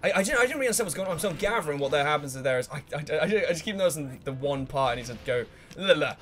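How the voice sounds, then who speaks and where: This let's play commentator races along in a slightly high voice, excitedly swearing, humming as he mulls things over, and shouting at the game characters while playing.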